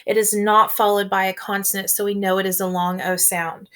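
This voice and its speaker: A woman teacher with a Midwestern American accent giving a slow, clear, encouraging phonics lesson to first graders. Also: mid-range voice, level tone, a bit bright. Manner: slow, clear and encouraging, speaking to young children. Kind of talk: recorded remote phonics lesson.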